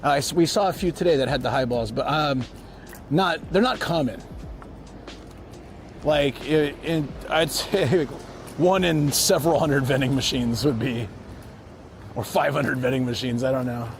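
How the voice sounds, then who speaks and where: Speaking at a measured pace with frequent pauses, a man with a mid-range voice rambles to his audience on a travel live stream. The setting shifts from city streets to a parked car, and music plays beneath him throughout.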